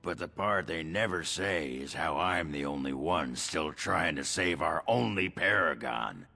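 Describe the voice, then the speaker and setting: An actor playing a boozy, blunt male dwarf warrior in a video game, with a rough, gravelly voice and a mocking, laughing manner. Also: rumbling low, expressive, a little slow, sharp tone, heavily acted. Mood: gruff. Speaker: game character.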